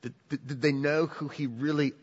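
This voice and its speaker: A man's voice: fairly high pitch, moderate pace, breathy edge. Man preaching in a reverberant church. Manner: animated, repeats words, rises to emphatic peaks. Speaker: pastor. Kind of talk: sermon. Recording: dull sound with long church reverb.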